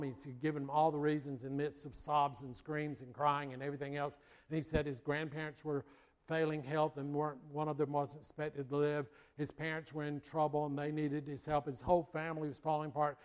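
A man's voice: fairly high pitch, flat delivery, fairly quick. Man preaching an earnest sermon. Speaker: pastor.

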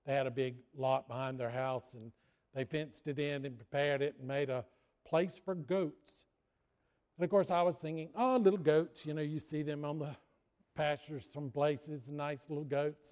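A man's voice: fairly high pitch, flat delivery, moderate pace, darkish tone. A man preaching a sermon, telling folksy stories and joking with the congregation. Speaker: pastor. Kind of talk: sermon with storytelling.

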